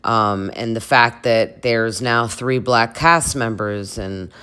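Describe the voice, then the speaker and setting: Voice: medium pitch, slow pace, bright, forceful tone, smooth. A vlogger chatting casually through a reality TV recap, gossipy and full of fillers and laughter.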